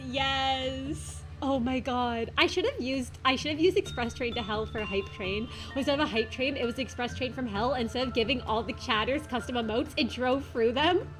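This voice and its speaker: Woman streamer, high voice, excitable, gushing thanks, faint music behind. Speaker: VTuber streamer. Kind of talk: casual live-stream chat.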